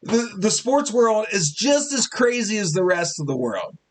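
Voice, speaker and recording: A lively man rants through his sports talk show with a high, bouncing voice. He jokes his way along, a little tipsy and loose, and his pitch leaps all over when he gets going. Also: unhurried. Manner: animated, joking, mimics fans in quotes. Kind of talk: casual sports talk monologue.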